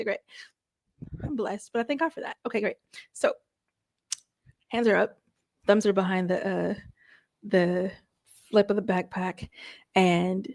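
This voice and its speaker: Animated woman telling a personal story. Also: mid-range voice, no echo, studio quality. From Chicago area. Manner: animated, conversational, swings between loud exclamations and hushed asides. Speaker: host.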